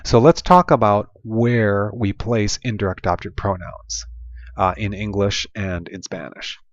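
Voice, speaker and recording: A man's voice: on the low side, measured pace, no room sound. A man with an Oklahoma accent teaching a language lesson patiently, with frequent ums and restarts. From Oklahoma, United States. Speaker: Spanish teacher. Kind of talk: classroom lesson over slides. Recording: dull lo-fi voice-over.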